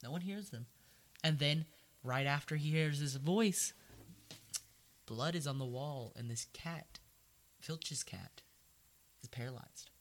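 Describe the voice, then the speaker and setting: A man chatting casually as a podcast co-host, retelling a book and acting out the characters in quick voices. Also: fairly high pitch, a bit bright.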